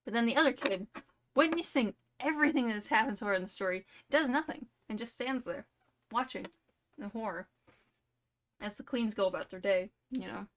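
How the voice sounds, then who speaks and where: A woman's voice: a little high, fairly quick. A young woman streamer telling a rambling, playful made-up story full of "like" and "you know".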